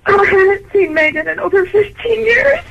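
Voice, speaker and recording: A woman's voice: extremely high pitch, animated, normal speed, vocal fry, fairly bright tone. A woman on a radio phone call, speaking in an emotional, gushing way. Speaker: caller.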